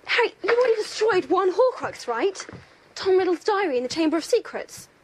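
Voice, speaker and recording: A woman's voice: very high voice, big pitch swings, fairly quick. A young woman playing a clever, earnest teenage witch in a film, explaining things precisely and a little insistently. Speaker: film character. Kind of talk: film dialogue.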